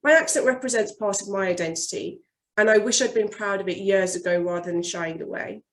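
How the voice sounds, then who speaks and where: A woman with a Birmingham accent, speaking at a middling pitch for a woman. She tells a scripted personal story and keeps it measured, earnest and reflective. Her delivery is steady and sincere. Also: low-quality recording. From Birmingham, England. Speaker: consultant.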